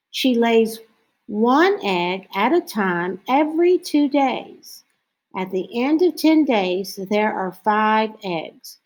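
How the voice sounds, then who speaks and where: A woman reading a picture book about owls aloud as a lesson, slow and clear, now and then mimicking owl calls. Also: fairly high pitch, darkish tone, poor audio. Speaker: teacher reading to children.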